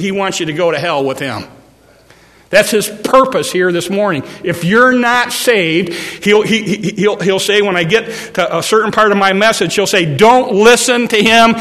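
A man delivers a sermon from a church pulpit, his voice pitched high and ringing bright. He drives his points home through repetition and climbs into forceful warnings, while a long reverb trails each phrase around the sanctuary. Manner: repetitive preaching cadence, rising to emphatic warnings. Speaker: pastor.

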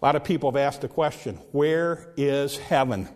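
Man, pastor, sermon, mid-pitched voice, emphatic slow scripture readings, plain asides. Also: darkish tone, soft background music. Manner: preaching with emphatic rises and slow stressed scripture quotes.

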